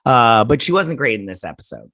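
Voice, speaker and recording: A man's voice: medium pitch, big pitch swings, a little fast, a bit bright, dry recording, studio quality. A man hosting a casual TV review, sarcastic and mocking, often laughing and using fillers. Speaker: YouTube host reviewing a TV episode.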